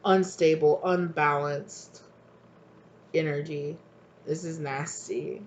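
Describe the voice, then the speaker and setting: A tarot reader giving a rambling, animated channeled reading, acting out little dialogues. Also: medium pitch, slow, slight background noise.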